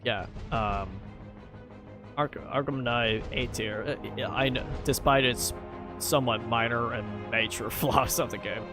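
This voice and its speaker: A man talking casually on a live stream, halting often with fillers and restarts. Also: medium pitch. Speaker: live streamer ranking games. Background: background music.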